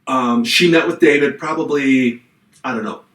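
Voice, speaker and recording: A man's voice: mid-range voice, normal speed, roomy sound, far from the mic, poor audio. A middle-aged man co-hosting a podcast, telling a long personal story in casual chat and acting out the voices in it. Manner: animated storyteller acting out quotes. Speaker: podcast co-host.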